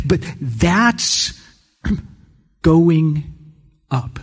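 A man preaching a sermon in a slow, folksy storytelling way, often clearing his throat. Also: a little high, lively intonation, big-room sound.

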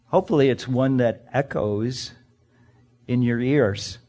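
A man preaching a sermon, emphatic and full of rhetorical questions, swinging between loud and hushed. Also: medium pitch, a little slow. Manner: speaks to the congregation directly. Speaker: pastor.

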